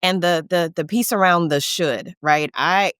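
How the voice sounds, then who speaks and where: A woman's voice: on the low side, measured pace, fairly bright tone, smooth. A woman therapist speaking on a podcast with punchy, repeated lines of encouragement. Her speech is casual and colloquial. The sound is dry, with no room echo. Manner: emphatic, repeats lines like a pep talk; colloquial, calls listeners y'all and sis. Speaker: guest therapist. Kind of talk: podcast conversation.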